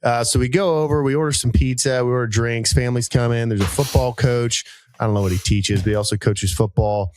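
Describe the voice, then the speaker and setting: A man's voice: a little fast, a little hiss or hum. Man telling a rambling story. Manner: animated, jumps into high-pitched voices for quoted people; rambling with many "like" fillers. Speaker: podcast co-host. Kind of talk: casual storytelling chat.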